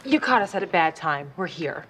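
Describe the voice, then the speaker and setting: A woman's voice: on the low side, expressive, normal speed, a bit bright. An actress playing a sarcastic young woman spy who fires off dry wisecracks. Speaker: undercover agent.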